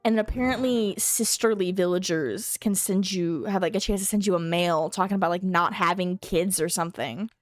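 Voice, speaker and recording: A woman's voice: fairly low pitch, normal speed, hardly any pauses, no echo, studio quality, faint music behind. A young woman streaming a video game from home, thinking aloud in a rambling, casual way and humming to herself. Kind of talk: casual live-stream chatter while playing.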